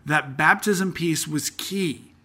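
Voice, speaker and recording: A man hosting a casual Bible-study podcast, talking earnestly and conversationally, slowing down to read scripture aloud. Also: fairly high pitch, bright, forceful tone, slightly rough. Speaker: podcast host teaching through a Bible book.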